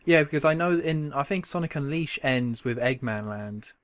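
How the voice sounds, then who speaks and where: A young man hosting a podcast in casual chat, talking quickly with sarcastic asides. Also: on the high side, lively intonation. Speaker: podcast host.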